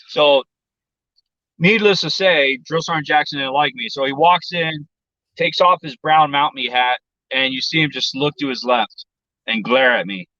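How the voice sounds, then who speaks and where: Profane storyteller from South Texas. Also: male voice, a little high, dry recording, dull audio. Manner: profane, blunt and animated, acting out the voices of others. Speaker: podcast guest. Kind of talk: storytelling in casual chat.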